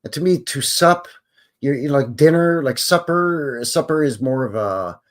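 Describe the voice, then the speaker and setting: Unhurried and lively, this Canadian livestream host speaks in a fairly high voice. He drifts through casual chat with his viewers, often questioning his own thoughts.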